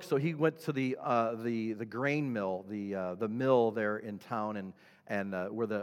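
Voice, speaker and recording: A man preaching a sermon as a pastor, emphatic, swinging between loud declarations and hushed storytelling. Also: mid-range voice. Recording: long hall reverb.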